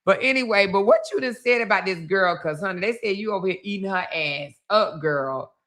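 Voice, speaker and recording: Woman, live-stream host, bright tone, sassy, teasing, laughing, casual commentary. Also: medium pitch, a little fast.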